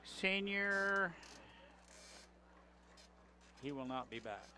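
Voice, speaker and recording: A man giving color commentary on a local high school football game, breaking plays down in plain conversational talk. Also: animated, measured pace, bright, forceful tone, a little hiss or hum.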